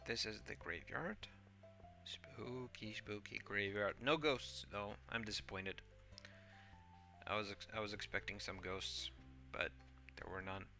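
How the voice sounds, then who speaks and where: Gravelly, bright-voiced man narrating gameplay. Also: fairly low pitch, unhurried, faint music behind. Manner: rambling, hesitant, playful. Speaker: gameplay host. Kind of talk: casual game commentary.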